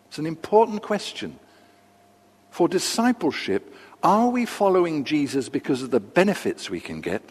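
Older male pastor, lively intonation and measured pacing, recorded in a big echoing hall. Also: fairly high pitch, slightly rough. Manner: measured, with pauses and asides. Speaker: preacher. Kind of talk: sermon. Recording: long reverb of a large hall.

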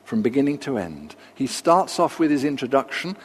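Older male pastor, lively intonation and measured pacing, recorded in a big echoing hall. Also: mid-range voice, slight background noise. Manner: measured, with pauses and asides. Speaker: preacher. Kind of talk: sermon. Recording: long reverb of a large hall.

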